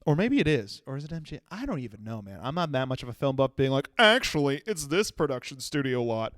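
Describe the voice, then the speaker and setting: A young man hosting a comedy podcast, telling a story in an animated way and acting out the people he quotes. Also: medium pitch, rapid-fire, no room sound, studio quality. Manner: animated storytelling with acted-out quotes and sudden shouts. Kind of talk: solo comedic monologue.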